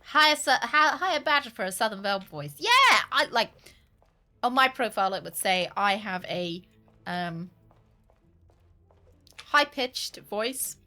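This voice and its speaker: Bright, chatty woman streamer. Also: mid-range voice, expressive, a little slow, pauses often. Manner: chatty, joking, laughs often. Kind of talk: casual chat while gaming. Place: home room.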